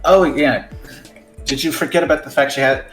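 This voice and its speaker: A man casually chatting while reading a visual novel, with quick animated banter. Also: a little high, roomy sound, soft background music, rough recording. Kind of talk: casual chat.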